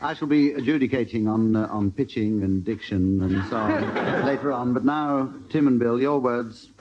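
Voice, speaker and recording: A man's voice: medium pitch, normal speed, crowd noise. A man chairing a radio comedy panel game, dry and mock-formal, speaking in a studio before an audience on a 1970s recording. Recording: dull lo-fi 1970s radio recording with loud hiss.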